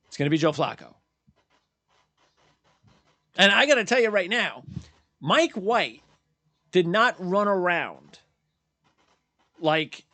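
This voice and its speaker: A man's voice: high voice, big pitch swings, unhurried, pauses often, bright, forceful tone, no echo. A man hosting post-game sports commentary, ranting bluntly and heatedly, repeating his points and mocking fans in quoted voices. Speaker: sports channel host.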